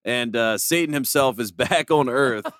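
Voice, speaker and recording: A man's voice: medium pitch, measured pace, fairly bright tone, no echo, studio quality. A man co-hosting a casual sports podcast, joking with dramatic exaggeration and laughing often.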